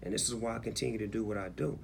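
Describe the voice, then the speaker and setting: A man's voice: fairly low pitch, fairly even intonation, very fast, vocal fry, a little mellow, slight background noise. A man in his forties talking candidly in an interview, laid-back and reflective, often checking in with "you know what I'm saying". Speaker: interviewed rapper.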